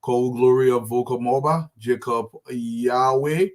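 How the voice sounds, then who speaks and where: A man's voice: mid-range voice, moderate pace. A man hosts a casual live show, greeting viewers by name in a friendly, rambling way with many fillers and restarts. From Liberia. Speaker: show host.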